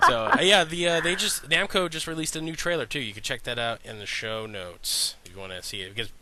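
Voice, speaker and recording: A man's voice: medium pitch, fairly even intonation, brisk, sharp tone. A man co-hosting a casual podcast, rambling and self-interrupting, a little stuffed up from a sinus cold. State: slightly congested from a sinus cold. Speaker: podcast co-host.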